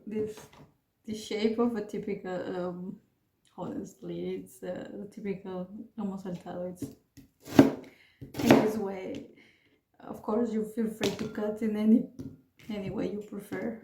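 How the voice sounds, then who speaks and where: A woman's voice: mid-range voice, creaky, reverberant, heavy background noise. A woman, chatting her way through a home cooking tutorial with rambling asides and restarts. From Peru. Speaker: home cook vlogger. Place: home kitchen.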